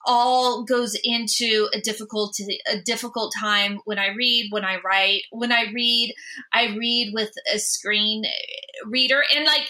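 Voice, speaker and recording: A woman's voice: a little high, fairly even intonation, unhurried, bright, forceful tone. A woman guest in an interview, talking openly and with animation while she stutters on repeated sounds. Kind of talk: interview conversation.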